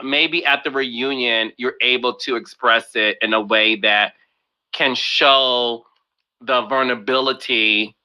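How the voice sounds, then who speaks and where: A man's voice: mid-range voice, sharp tone, low-quality recording. A man hosting a podcast, playful and sassy, coaxing his guest with friendly advice. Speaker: podcast host and producer. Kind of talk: casual podcast conversation.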